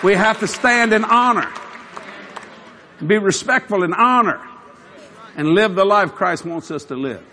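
Male preacher, high animated delivery, chuckling storyteller, faint background hum. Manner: animated, chuckling, shouts for emphasis. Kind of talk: storytelling sermon.

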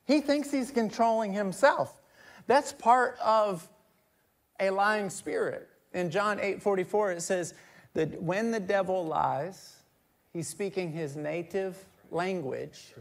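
A middle-aged male pastor preaching a conversational sermon, joking with the crowd and swinging between quiet asides and loud emphatic bursts. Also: high voice, slow, gravelly. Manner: conversational, jokes with the congregation.

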